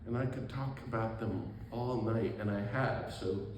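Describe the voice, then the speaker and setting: A man giving an animated talk as a priest, exuberant, with quick asides and laughter at himself. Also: lowish voice, recorded from a distance. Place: event hall. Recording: echoey room with faint background noise.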